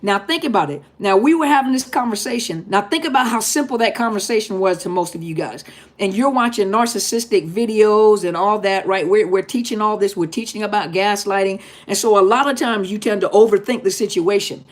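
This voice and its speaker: A middle-aged woman therapist, talking fairly quickly in a mid-range voice, hosts a casual live-stream Q&A. She speaks right to her viewers with emphasis, restating her points repeatedly.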